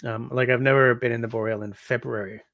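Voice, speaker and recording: A man from Canada in his forties hosts a casual livestream, tired and rambling, reading chat with plenty of ums. His mid-pitched voice has a gravelly grain. The sound is dry and close, with no room echo. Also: steady tone, fast, a bit bright. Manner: rambling, chatty, yawning, frequent ums.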